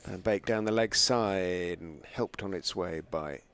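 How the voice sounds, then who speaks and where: Man, live cricket commentary, low voice, chatty, lively on key moments. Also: unhurried. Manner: excitable at big moments, chatty and laughing between balls.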